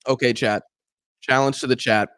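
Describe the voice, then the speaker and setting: A young man with a clean, medium-pitched tone speaks at normal speed, recorded without echo. While hosting a football watch-along, he chats casually and animatedly with viewers, commentates on the game, and acts out fans' complaints about him.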